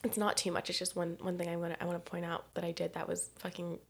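Gravelly young woman telling stories. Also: lowish voice, monotone, fast talker. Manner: candid, profane, laughing through her story. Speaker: podcast co-host. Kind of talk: casual storytelling chat.

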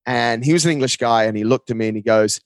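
A man, a podcast guest, telling a personal story in casual conversation. He talks in an animated way and keeps saying "mate.". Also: mid-range voice, fast talker, dry recording. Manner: animated, often says "mate".

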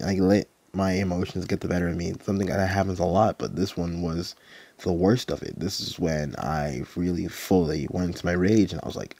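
A man's voice: sits low, darkish tone. A young man hosting a podcast, telling a personal story in a rambling, casual way, full of "like" and swearing. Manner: rambling, heavy use of "like", profane. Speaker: podcast host.

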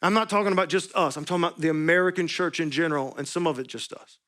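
A man's voice: a little high, very fast, fairly bright tone. A man pastor preaching a sermon in a church, earnest and repetitive, with strings of rhetorical questions. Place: church sanctuary.

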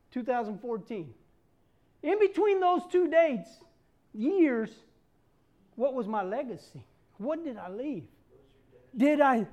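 Preacher, woman in her 50s: high voice, lively delivery that acts out the people she quotes. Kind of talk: sermon.

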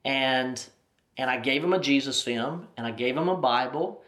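A man's voice: mid-range voice, normal speed, a bit bright. A man telling a personal story as an interview guest, animatedly acting out the dialogue. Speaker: ministry president, interview guest. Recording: roomy echo.

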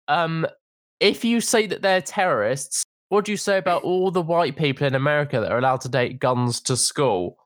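A man's voice: on the high side, a bit bright, no echo, studio quality. A young man co-hosting a casual podcast, talking in an indignant, sarcastic way. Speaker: podcast co-host. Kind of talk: casual opinion chat.

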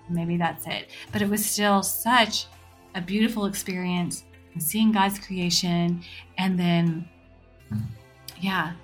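Woman podcast host, casual animated storytelling, does the voices of people she quotes, faint music under it. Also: mid-range voice.

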